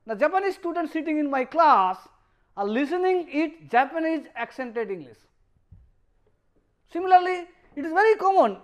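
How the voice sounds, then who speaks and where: A man's voice: extremely high pitch, very animated, moderate pace. A middle-aged male professor from a Bengali-speaking background, speaking English with a Bengali accent in a university lecture, often restarting and repeating phrases.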